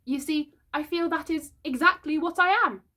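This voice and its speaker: This is a sweet, prim little girl from a storybook, put on by a woman reading aloud. She sits high in the voice and speaks earnestly, like a small child trying to sound grown-up and motherly. Each line is gentle and careful. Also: moderate pace.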